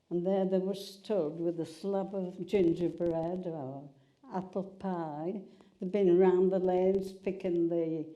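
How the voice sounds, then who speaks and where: A woman's voice: lowish voice, warm tone. An older woman, chattily telling stories from her past in an oral history interview. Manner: chatty storyteller, repeats and restarts. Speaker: interviewee recalling wartime. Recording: slightly dull sound.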